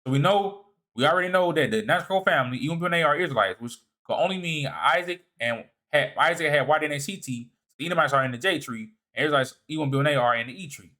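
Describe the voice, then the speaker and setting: A man presenting a lecture over slides in a casual, halting way. He often repeats and restarts his words, checks in with "all right?", and swings between emphatic rises and low muttered asides. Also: animated, sharp tone. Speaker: presenter of a video series. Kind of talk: lecture walking through slides.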